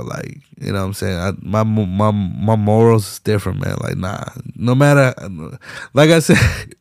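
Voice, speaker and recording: Young male podcast host, gravelly, dry close sound, profane casual rant. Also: fairly low pitch, dry recording. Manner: profane, animated street slang, frequent laughs. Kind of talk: casual solo commentary.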